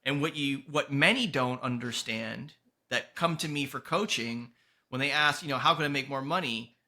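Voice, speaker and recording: Forceful, bright-voiced male podcast host. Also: medium pitch, normal speed. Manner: emphatic, earnest, swears casually. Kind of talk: casual motivational podcast talk.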